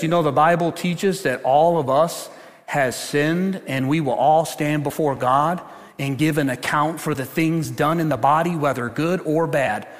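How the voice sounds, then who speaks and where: Older male pastor preaching in a reverberant hall. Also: sits high. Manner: animated storytelling, swings from loud to hushed. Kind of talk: sermon. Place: large church. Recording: long church hall reverb.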